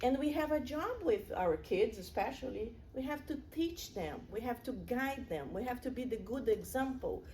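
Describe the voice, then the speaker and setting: A woman's voice: fairly high pitch, expressive, moderate pace, hardly any pauses, darkish tone, a little hiss or hum. A middle-aged woman giving a public spiritual lecture in an earnest, conversational way, with personal stories.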